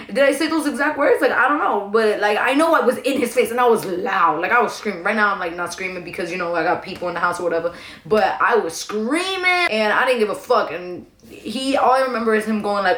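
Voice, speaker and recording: Animated slangy New woman, echoey room. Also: mid-range voice, fairly quick. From New York. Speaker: storyteller. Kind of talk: casual storytime monologue. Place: at home indoors.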